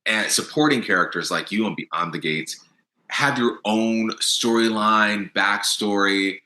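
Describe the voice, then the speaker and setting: A man hosting a podcast interview in casual chat, halting with many fillers and restarts. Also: fairly low pitch, pushed and bright, echoey room, rough recording. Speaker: podcast host.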